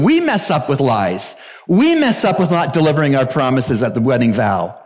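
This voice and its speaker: A middle-aged male pastor preaching a sermon emphatically, jumping to sudden high exclamations. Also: very animated, normal speed.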